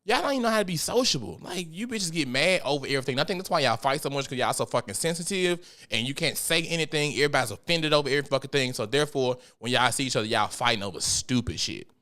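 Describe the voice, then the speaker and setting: A man's voice: medium pitch, lively intonation, fast talker, hardly any pauses, sharp tone. A man hosting a casual solo podcast, ranting in a blunt, profane, joking way and sometimes turning mock-preachy. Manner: mock-preachy when addressing God. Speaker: podcast host.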